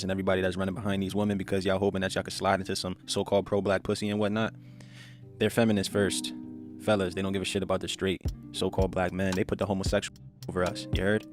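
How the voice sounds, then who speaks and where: A man giving a blunt, crude, scornful rant of social commentary. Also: deep voice.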